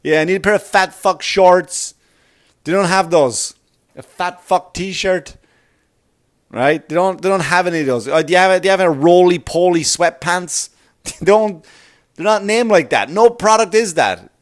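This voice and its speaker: A man's voice: high-pitched, normal speed. Man, middle-aged, comedy podcast host, rambling profane monologue, laughs at own jokes.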